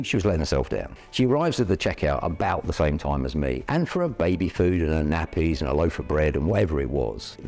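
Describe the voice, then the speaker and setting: Blunt Yorkshireman with a deep, lively voice. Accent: Northern English. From Yorkshire, England. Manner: blunt, animated storytelling with rhetorical questions. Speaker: property education presenter. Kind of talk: motivational talk to camera.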